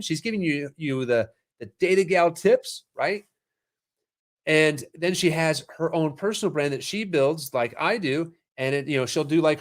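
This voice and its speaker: A man hosting a casual live stream about marketing, energetic and salesy, with quick asides to viewers. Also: fairly high pitch. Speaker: marketing show host.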